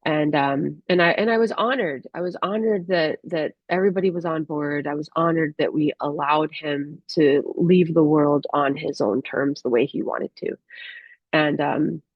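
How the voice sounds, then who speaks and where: Candid, halting woman telling a personal story. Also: deep voice, breathy edge, dry recording, dull audio. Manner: candid, halting, with many restarts and fillers.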